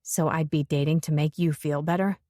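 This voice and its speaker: A woman narrator voicing a sardonic, brooding grown man, pitching her voice lower with a mocking drawl. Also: steady tone, brisk, mellow, dry recording, clean studio sound, close to an everyday voice.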